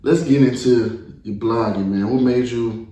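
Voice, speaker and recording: A man's voice: mid-range voice, a little slow. A man hosting a podcast in a casual, teasing, hyped-up way. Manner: hype, teasing, animated. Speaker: podcast host. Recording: roomy, distant mic, faint background noise.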